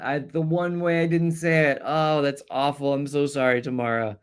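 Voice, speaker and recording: A fairly high-voiced man runs a loose live-stream review session. He talks casually, reels off long lists of names for shout-outs, and trips over hard names with quick apologies. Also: steady tone, clean tone. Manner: chatty, rattling off viewer shout-outs. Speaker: AP exam review host.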